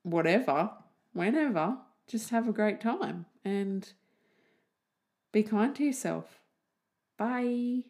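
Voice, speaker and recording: A woman hosting a casual solo podcast, chatty and animated, swearing freely. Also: medium pitch, takes it slowly, long pauses. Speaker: podcast host.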